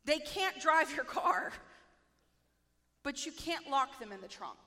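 A woman preaching a sermon in a playful, self-mocking, animated way. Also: sits high, takes it slowly, big-room sound.

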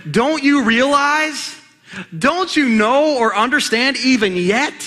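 An exasperated Jesus, as a preacher acts him out, pressing raised, pleading questions at his slow followers. The voice is high and bright, and it echoes through a large hall. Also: exaggerated voice.

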